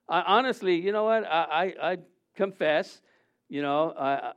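A middle-aged man preaching from the pulpit in a high voice. His tone is smooth and resonant as he speaks to the congregation like a friend, repeating himself and stopping to rephrase. He often throws questions out to the room. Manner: conversational preaching with rhetorical questions and repetition; frequent restarts and self-corrections. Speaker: senior pastor. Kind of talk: sermon.

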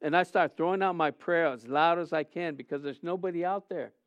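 A middle-aged man delivers a sermon as a pastor in a high, smooth voice. He swings between hushed and loud passages and restarts his sentences often. The recording is dry and slightly dull. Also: brisk, dry recording. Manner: earnest, swings from soft to loud, many restarts.

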